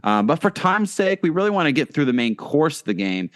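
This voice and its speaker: A man's voice: a little high, sing-song, a little fast. A man co-hosting a casual podcast, talking loosely with many fillers and restarts. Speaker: podcast co-host.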